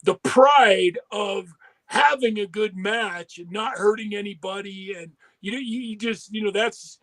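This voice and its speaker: A man's voice: high voice, unhurried, fairly bright tone, low-quality recording. A man talking earnestly and at length as a podcast guest, often circling back on his words. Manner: rambling, earnest, many restarts. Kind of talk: casual talk.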